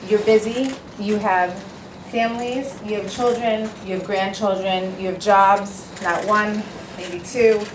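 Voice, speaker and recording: Speaking to a live audience in an echoey event hall, a woman matchmaker uses a medium-pitched, steady voice at a measured pace. Her speech is earnest and emphatic, built on stories and deliberate repetition, and it's captured from afar amid background noise.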